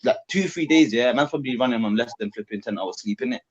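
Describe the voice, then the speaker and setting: A man's voice: mid-range voice, fast talker, muffled recording, a loud crowd. A man rambling and repeating himself in slang-heavy talk as a guest on a live online panel.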